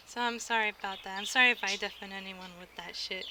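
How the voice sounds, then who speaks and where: A young American woman streaming, chatting casually and giggling, often restarting her sentences. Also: medium pitch. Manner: chatty, giggly, self-interrupting. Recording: clear background noise.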